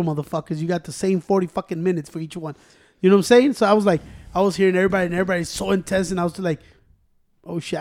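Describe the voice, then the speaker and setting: A man in casual chat, swearing freely and mixing Spanish into his English. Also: high voice. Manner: profane, mixes Spanish and English.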